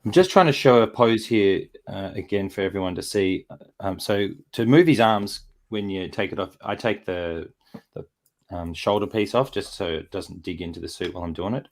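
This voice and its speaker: A man with a low voice hosts a casual chat while posing a figure, rambling along with many fillers and restarts at a moderate pace. He is getting over a chest infection.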